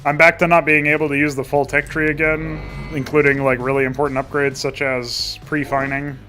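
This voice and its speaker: A man's voice: a little high, flat delivery, brisk, pushed and bright, faint music behind. A man giving casual, chatty let's-play commentary in a sardonic tone, swearing often. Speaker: gaming commentator.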